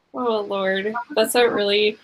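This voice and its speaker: A woman's voice: mid-range voice, low-quality recording. A woman hosting a casual chat, easygoing and encouraging, often laughing. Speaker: host.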